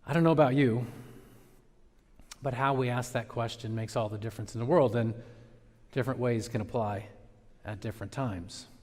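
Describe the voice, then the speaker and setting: Dramatic preacher in a reverberant church. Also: male voice, medium pitch. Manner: dramatic, swings between loud emphasis and quiet, slow phrases. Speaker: pastor. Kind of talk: sermon. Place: church sanctuary. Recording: long reverb of a large church hall.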